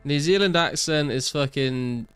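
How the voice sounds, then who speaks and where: A young man streaming a game, reading chat aloud and answering viewers in a relaxed way, full of "like" and "um". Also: on the high side, measured pace, smooth, soft background music. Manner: relaxed, reads out chat messages and answers viewers with many fillers. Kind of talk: casual live-stream chat while gaming.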